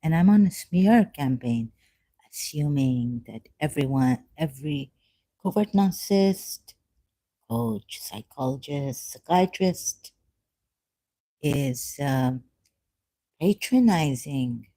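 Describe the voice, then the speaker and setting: A vlogger talks slowly through a rambling monologue, halting on fillers and turning sarcastic and self-mocking. The voice is deep-toned, very dark and mellow. The sound is dry with no room echo. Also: lively intonation. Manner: self-mocking, laughs often.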